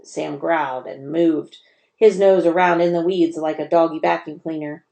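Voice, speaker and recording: A woman's voice: sits low, fairly even intonation, normal speed, gravelly, mellow. Woman reading a children's story aloud, echoey room. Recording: roomy echo.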